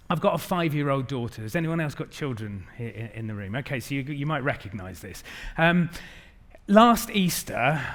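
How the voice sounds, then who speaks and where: A middle-aged man giving an animated keynote talk to a live audience, acting out the quotes in his stories. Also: mid-range voice. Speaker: conference speaker.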